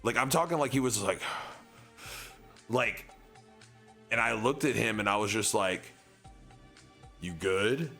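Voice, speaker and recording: Young guy streamer rambling a story, lots of likes, kinda gravelly voice. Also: mid-range voice, a little slow, pauses often, bright, forceful tone, soft background music. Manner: rambling, heavy use of filler words. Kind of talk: casual storytelling.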